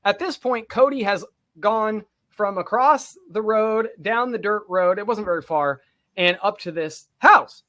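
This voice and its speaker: A man, a podcast co-host, telling a long personal story in casual talk, animated and swearing freely. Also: sits high, measured pace.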